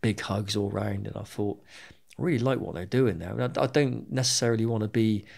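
A middle-aged man recounts his own past as a podcast guest in a frank, unpolished way. His voice has a gravelly edge, and he swears freely and often doubles back on his words mid-sentence. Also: fairly low pitch, brisk, a little mellow. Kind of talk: candid storytelling interview.

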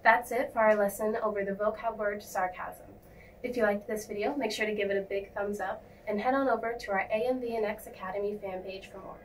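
A young woman giving a scripted English vocabulary lesson in a clear, measured, instructive way. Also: mid-range voice, steady tone. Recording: slightly distant mic, faint noise.

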